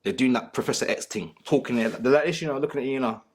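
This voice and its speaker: A man's voice: medium pitch, racing. Crude joking man ranting. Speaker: panelist. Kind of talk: casual panel talk.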